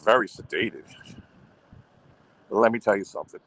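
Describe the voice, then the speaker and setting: Deep-voiced boastful man on a livestream. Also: animated, normal speed, fairly bright tone. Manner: boastful and repetitive, goes on the offensive. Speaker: livestream host. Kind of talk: rambling livestream talk.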